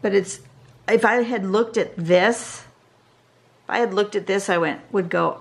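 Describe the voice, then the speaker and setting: Woman, drawing instructor, slow and gravelly, tired, chatty as she works. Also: medium pitch. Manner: chatty, thinks aloud while drawing. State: tired, yawning. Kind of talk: casual drawing tutorial. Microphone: camera over a drawing desk.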